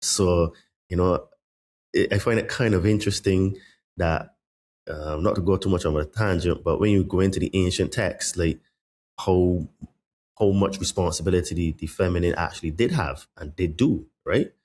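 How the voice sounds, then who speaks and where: Podcast host, male, very low voice, halting and measured. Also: a little mellow. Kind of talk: podcast interview.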